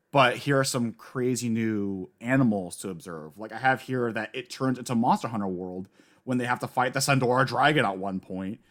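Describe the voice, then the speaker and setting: A man co-hosting a casual anime discussion podcast, talking in an animated way that swings from quiet asides to loud bursts. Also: mid-range voice. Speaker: podcast co-host.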